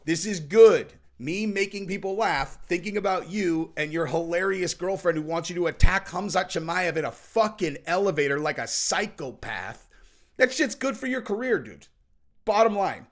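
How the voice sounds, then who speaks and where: Man, commentary host, casual rant, profane, blunt, wry, fairly high voice. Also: expressive, moderate pace, a bit bright.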